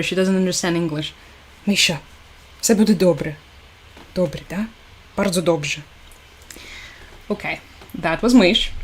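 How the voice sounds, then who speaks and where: A woman hosting a casual livestream from home, chatty and sarcastic, laughing often. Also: fairly low pitch. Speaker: livestream host. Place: at home with her dog.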